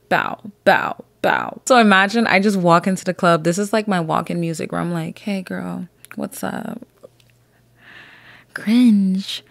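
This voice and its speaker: A woman's voice: medium pitch, dry recording. A young adult woman hosting a solo podcast, talking in a blunt, profane and rambling way. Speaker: podcast host. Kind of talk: casual solo podcast chat.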